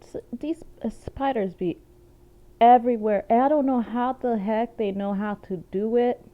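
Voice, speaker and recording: A woman vlogger in casual chat, telling animated stories with laughs and asides. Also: on the high side, normal speed. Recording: dull lo-fi sound.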